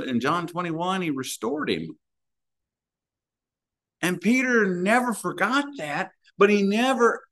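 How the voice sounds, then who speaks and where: A man's voice: high-pitched, fairly bright tone. A man preaching a sermon, telling stories and acting out the voices in them. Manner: storytelling preacher, acts out voices in anecdotes.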